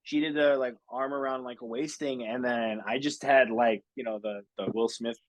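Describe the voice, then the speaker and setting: A man's voice: medium pitch, steady tone, normal speed, no room sound, low-quality recording. A man co-hosting a podcast in laid-back, slangy casual chat. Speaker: podcast co-host.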